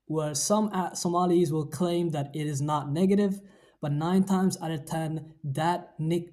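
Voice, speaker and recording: A speaker giving measured commentary, weighing both sides of an argument. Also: mid-range voice, mellow. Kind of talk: explanatory commentary.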